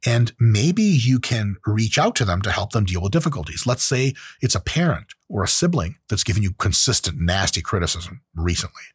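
A husky-voiced man in his late thirties speaks frankly and profanely to his audience as the host of his own show. His pitch swings widely as he talks, and the recording sounds close and dry. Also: sing-song, normal speed, hardly any pauses, dry recording. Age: late 30s. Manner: blunt and profane, with acted-out quotes. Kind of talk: casual solo monologue.

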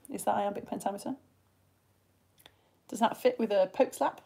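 A woman from the United Kingdom teaching a live online lesson, chatty and laughing often, reading verse slowly. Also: mid-range voice, vocal fry, slightly rough.

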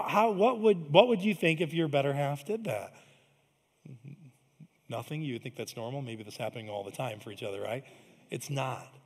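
Pastor, male, conversational preacher, loud then hushed, church hall echo. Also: a little high, gravelly, breathy edge. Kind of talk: sermon. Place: large church sanctuary. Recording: long hall reverb.

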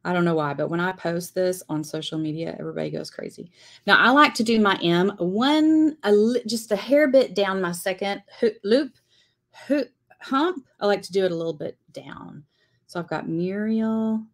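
A woman's voice: mid-range voice, normal speed. A woman teaching a live-streamed lettering class, chatting and greeting viewers by name as she writes.

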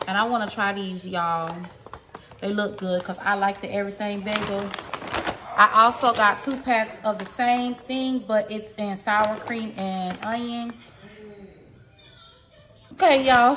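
A woman's voice: fairly high pitch, fairly bright tone, slight background noise. A woman vlogger showing off a shopping haul in a casual, chatty way, talking straight to her viewers at home. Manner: chatty, talks straight to viewers with lots of "y'all". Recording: roomy echo.

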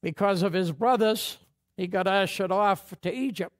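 A man's voice: high voice, moderate pace. A man preaching a sermon as pastor, folksy and conversational, acting out bits of dialogue. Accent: New England.

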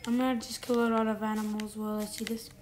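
A woman's voice: a little high, flat delivery, fast. A woman giving casual commentary while playing a game, rambling and correcting herself as she thinks aloud. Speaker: gamer. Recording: loud background noise with clicks.

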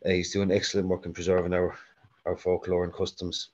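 Low, flat-voiced Irish man from Carlow. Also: lo-fi sound. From Ireland. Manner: halting, with many fillers. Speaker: host reading audience questions. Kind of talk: hosting an online talk.

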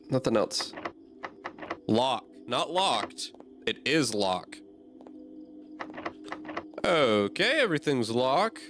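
A man's voice: mid-range voice, sing-song, extremely slow, pauses often, background noise. A man playing a horror game and talking through it aloud, easily startled and swearing often. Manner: jumpy, swears a lot, reacts aloud. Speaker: gamer.

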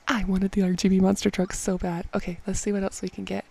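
A woman giving excited gameplay commentary at home at night, repeating phrases and often dropping to a hushed whisper so she won't wake others. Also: mid-range voice, moderate pace, creaky. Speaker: game vlogger.

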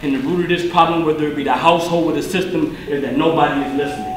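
A man's voice: on the high side, racing. A man giving a guest talk as a spoken word poem, reciting with rhythmic emphasis. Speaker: guest speaker. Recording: echoey room with faint music.

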